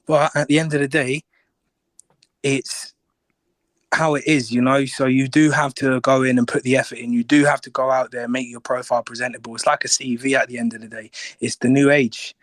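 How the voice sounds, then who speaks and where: A man's voice: medium pitch, flat delivery, brisk, fairly bright tone. Young man, casual chat, rambling, lots of fillers, dry sound with no room echo. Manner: rambling, leans on "you know what I mean". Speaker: caller in an audio chat room.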